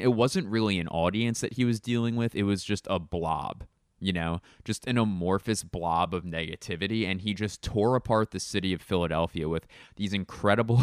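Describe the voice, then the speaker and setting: A man's voice: sits low, a bit bright, clear, resonant tone, no echo, clean studio sound. A man in his thirties, a stand-up comedian, telling rambling, profane stories with lots of fillers. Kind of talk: casual storytelling chat.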